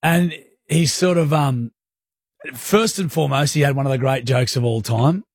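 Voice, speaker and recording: A man's voice: medium pitch, moderate pace, husky, dry recording, clean studio sound. A man with an Australian accent co-hosting a radio show, telling stories in laid-back, teasing banter. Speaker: radio co-host. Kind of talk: casual on-air banter.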